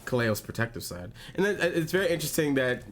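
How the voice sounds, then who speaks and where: A man hosting a game stream in casual chat, halting and repeating his words, often laughing. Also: mid-range voice, very animated, a little hiss or hum. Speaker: host of gaming stream. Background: faint game music.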